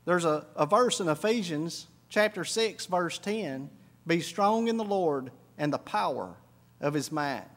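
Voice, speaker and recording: High-voiced preaching man, rising emphatic bursts. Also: lively intonation, measured pace, fairly bright tone. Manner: preaching with sudden rises in pitch and volume. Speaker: pastor. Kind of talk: sermon.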